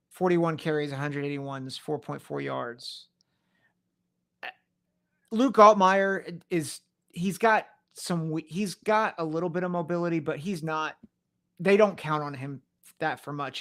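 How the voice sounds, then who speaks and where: A man co-hosting a sports podcast, casually running through statistics in a relaxed, low-key way. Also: gravelly. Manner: reads off stats in a low, relaxed way. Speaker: podcast co-host.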